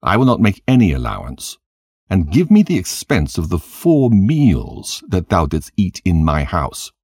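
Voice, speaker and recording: A man's voice: low-pitched, huge pitch swings, unhurried, a little mellow, no room sound, studio quality, exaggerated voice. A man doing a cunning, greedy old-time trickster. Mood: insistent. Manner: smooth-talking, insistent. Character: cunning, greedy male dream interpreter.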